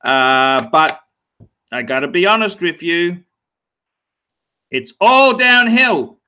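Bright-voiced man in his forties, ranting. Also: high-pitched, lively intonation, slow, slight background noise. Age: 40s. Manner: rambling, repeats phrases, swears playfully; reads out donor messages. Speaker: livestream host. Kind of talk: casual livestream chat.

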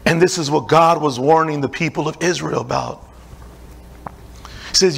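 A man's voice: on the high side, steady tone, moderate pace, creaky, a bit bright. A middle-aged man preaching a sermon as pastor, with an emphatic, repetitive cadence and casual asides.

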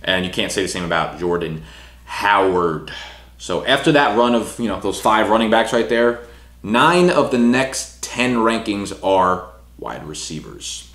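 This young man's voice is fairly low with a bright edge, and he's running down fantasy football rankings in a loose, chatty style. He talks fast, leaning on fillers like "you know" and "right," and the room has a noticeable echo.

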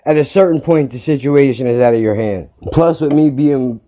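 A man's voice: mid-range voice, moderate pace, highs cut off. A man hosting his own podcast, telling a story in a heated rant and swearing constantly. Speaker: podcast host.

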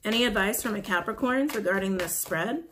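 A woman's voice: medium pitch, animated, fairly quick, a bit bright, slight background noise. A woman giving a casual tarot reading to camera. She gushes with emotion, swears casually and repeats phrases for emphasis. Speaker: tarot reader.

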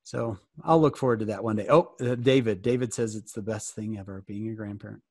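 A man's voice: on the low side, fairly quick, no room sound, studio quality. A man giving a casual, joking fireside talk to youth over a video call, often asking his listeners questions. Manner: joking, animated, asks the audience questions. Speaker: guest speaker answering youth questions.

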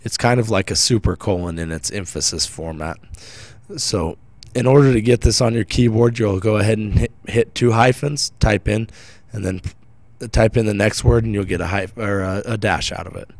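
A man's voice: lowish voice, dry recording. A man giving a recorded grammar lesson, explaining plainly with occasional fillers and self-corrections. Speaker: teacher.

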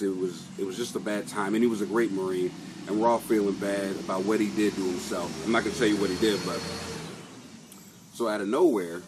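Against a noisy background, a man with a voice on the low side hangs out with viewers on a live stream. He's a comedian who rambles, curses and laughs his way through his anecdotes.

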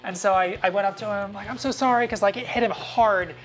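Man, thirties, casual vlog storytelling, acts out quotes, faint music behind. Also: a little fast. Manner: animated, jumps up in pitch to act out quoted lines. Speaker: actor recounting behind-the-scenes stories.

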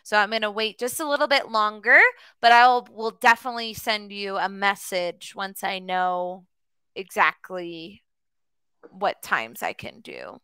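A woman's voice: mid-range voice, a little slow, sharp tone, clean tone, no room sound. A woman from the United States tutoring English in a casual conversation class, chatty and friendly, with lots of fillers.

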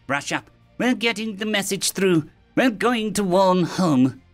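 A small whiskered alien dock engineer, as a male narrator puts him on, snaps out short technical answers in a raised, lively voice. He sounds anxious and stubborn. Faint music sits under this storybook reading. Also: high voice, a little slow, voice pushed up. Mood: curt, urgent.

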